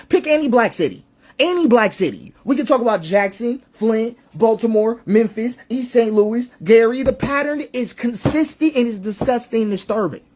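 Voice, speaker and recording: A man's voice: extremely high pitch, a little mellow, a little hiss or hum. Man, social commentator, talking straight to the audience in a heated monologue. Hammering, repetitive delivery with rhetorical questions. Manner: emphatic and rhetorical, repeats phrases, lists for effect; stops and restarts mid-sentence when building a point. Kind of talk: impassioned spoken monologue.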